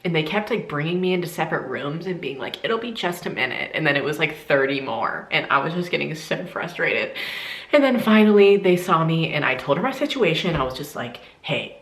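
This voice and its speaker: A young woman with a notably low voice recounts her own experience in a casual storytime vlog. She is animated and laughs often as she talks. The room around her sounds echoey. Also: fairly quick. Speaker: vlogger.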